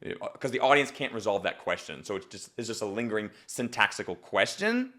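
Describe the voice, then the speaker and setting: A man's voice: lowish voice, brisk. A man coaching a stand-up comedian on a live stream, swearing, repeating himself and acting out examples. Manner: animated, swears, repeats words, acts out examples.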